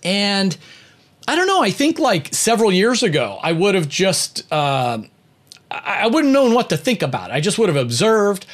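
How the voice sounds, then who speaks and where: A man with a slightly raised pitch, speaking in a loose, conversational monologue about leadership and personality. He tells a story casually, leaning on "you know" fillers and chuckling lightly. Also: big pitch swings, normal speed.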